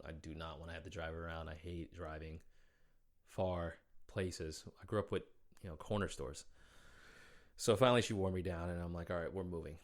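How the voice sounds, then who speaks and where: A man hosting his podcast, telling a story in a casual, animated way, with plenty of slang and restarts. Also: low-pitched. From United States. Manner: animated, slangy, says "man" and "bro" often, many restarts. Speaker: podcast host.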